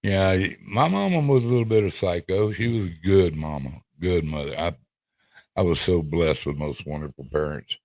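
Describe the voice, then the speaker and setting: A man's voice: low voice, moderate pace, darkish tone, dry recording. A middle-aged man, telling rambling family stories in casual stop-start chat on a podcast. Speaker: podcast co-host.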